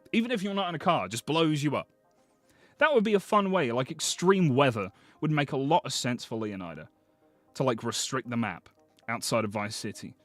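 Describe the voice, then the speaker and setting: Excitable, swearing male streamer. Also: on the high side, no echo. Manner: excitable, swears often, thanks viewers. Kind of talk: casual livestream chat.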